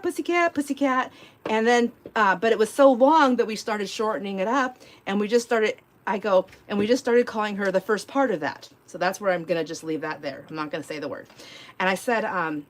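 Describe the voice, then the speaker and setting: A middle-aged woman hosting a live crafting stream from home, chatting casually and telling a rambling story full of fillers and giggles. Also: a little high. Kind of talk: casual chat while crafting.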